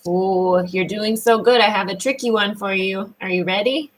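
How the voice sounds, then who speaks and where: A woman speech therapist leading a children's sound lesson, praising often and drawing out words slowly in a sing-song way. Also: medium pitch, slight background noise, rough recording.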